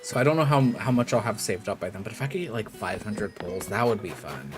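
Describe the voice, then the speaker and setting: A man's voice: on the low side, lively intonation, brisk. A man streaming a game, chatting casually and rambling with lots of filler words. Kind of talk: casual live-stream chat while gaming. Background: background game music.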